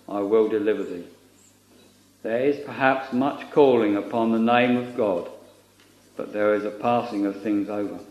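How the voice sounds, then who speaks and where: A man's voice: on the low side, darkish tone, muffled recording. Solemn man preaching in an echoey room. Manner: solemn, earnest, old-fashioned scriptural phrasing. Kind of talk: sermon.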